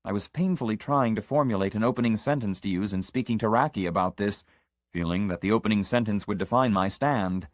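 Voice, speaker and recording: A man narrating a literary short story in the first person, measured and reflective. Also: on the low side, dry recording, clean studio sound. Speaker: audiobook narrator.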